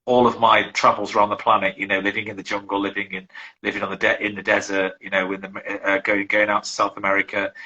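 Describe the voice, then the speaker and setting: A man's voice: lowish voice, monotone, fast, bright, forceful tone, muffled recording. A middle-aged man from England, a survival instructor chatting casually as an interview guest, who rambles and restarts his sentences often.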